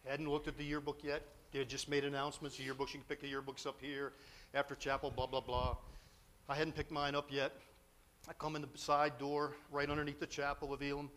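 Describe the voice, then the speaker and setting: A man's voice: fairly high pitch, monotone, quick pace, a bit bright, a little hiss or hum. A man preaching a storytelling sermon, confessional and emotional, with self-deprecating humor.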